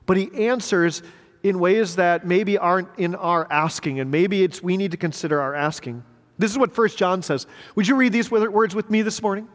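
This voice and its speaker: A man's voice: sits high, big-room sound. A middle-aged male pastor preaching a sermon in a church, in a conversational way with rhetorical questions and repeated words. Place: church sanctuary.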